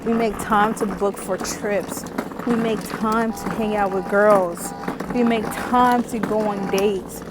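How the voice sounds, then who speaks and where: A woman's voice: medium pitch, steady tone, slow, over loud music. A woman vlogger talking casually and earnestly to camera, out of breath, calling the viewer sis and girl. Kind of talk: casual faith talk to camera.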